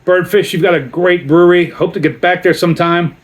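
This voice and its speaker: A man's voice: high-pitched, fairly even intonation, a little fast. Chatty man rambling through a beer review. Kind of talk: casual beer review vlog.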